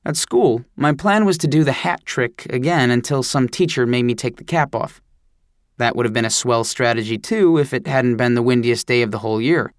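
A man telling a first-person story with wry, self-deprecating humor. His voice sits at a middle pitch, recorded close and dry with no room sound. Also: normal speed, no echo. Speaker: audiobook narrator. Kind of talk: first-person audiobook narration.

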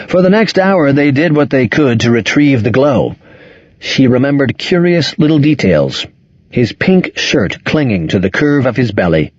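A man narrating a novel in a measured, expressive storytelling manner. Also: mid-range voice, no echo, lo-fi sound. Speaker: audiobook narrator. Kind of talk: scripted narration.

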